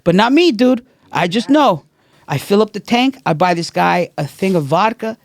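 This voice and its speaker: A man who is a stand-up comedian and podcast host, telling an animated, profane story in casual chat. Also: sits high, normal speed, vocal fry, dry recording.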